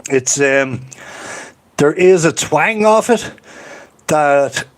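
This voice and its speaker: An Irish man hosting a relaxed livestream, talking loosely and rambling from one point to the next. He chats easily with his viewers and laughs often. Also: a little high, drawn-out words. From Ireland. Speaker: livestream host. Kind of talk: casual livestream chat, reading comments.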